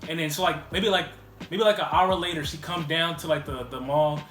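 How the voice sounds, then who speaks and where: A man with a high voice rattles through a casual storytime, words tumbling out quickly with "like" dropped into nearly every phrase. His voice bounces around an echoey room, with faint music playing underneath. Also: steady tone, fairly bright tone. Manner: rambling, heavy use of "like" fillers. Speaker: vlogger.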